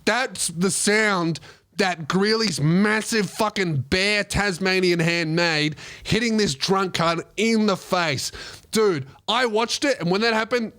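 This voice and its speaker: Profane Australian comedian telling a story. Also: male voice, high voice, no echo, studio quality. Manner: profane, rambling, animated. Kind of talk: comic storytelling.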